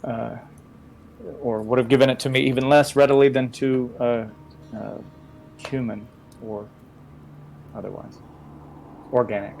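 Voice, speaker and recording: A man at a tabletop game describes what his character does in a thoughtful, rambling way. His voice has a gravelly fry, and his pitch sits mid-range. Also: fairly even intonation, unhurried, pauses often, darkish tone, a little hiss or hum. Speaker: player.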